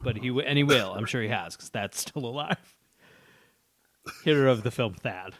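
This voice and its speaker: A podcast co-host with a medium-pitched, slightly bright voice speaks at a moderate pace in a casual movie-recap chat. He laughs often while reading a plot summary aloud and adding asides. The recording is dry with clean studio sound.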